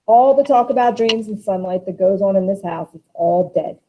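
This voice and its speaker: A woman's voice: medium pitch, moderate pace, slight background noise, lightly acted. A woman reading Beneatha, a fierce young woman. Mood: despairing. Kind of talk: dramatic play reading. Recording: dull lo-fi recording.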